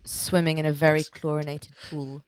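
A woman's voice: sits low, little pitch movement, moderate pace, very noisy. A young woman co-hosting a casual podcast, telling a rambling story full of fillers and restarts. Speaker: podcast co-host.

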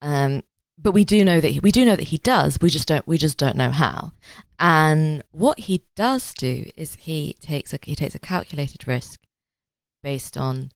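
A woman's voice: sits low, animated, measured pace, dry recording. A woman co-hosting a podcast in casual discussion, chatty, often restarting and repeating words. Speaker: podcast co-host.

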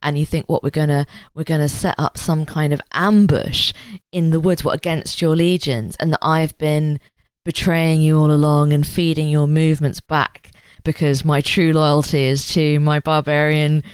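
A woman's voice: on the high side, sing-song, fast, no room sound, voice pushed up. A woman voicing a sly young male warrior who mocks the idea that he is a traitor and wheedles to seem innocent. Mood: mocking. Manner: mock-incredulous, wheedling.

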